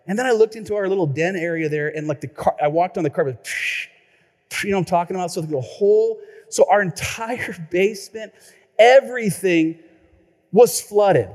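Male pastor, high voice, lively storyteller, sermon with long hall reverb. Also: normal speed. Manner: lively storytelling, repeats words when excited.

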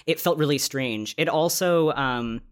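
A young adult novelist chatting casually on a podcast, candid and quick to laugh at their own stories. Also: mid-range voice, clear, resonant tone. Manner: candid, laughing, tells stories with self-mocking asides.

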